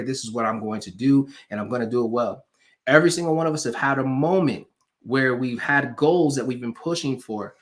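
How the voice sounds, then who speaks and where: A motivational speaker with a fairly high-pitched voice gives an animated, preacher-like talk to a live online audience. He repeats phrases for emphasis and asks viewers to send hearts and comments.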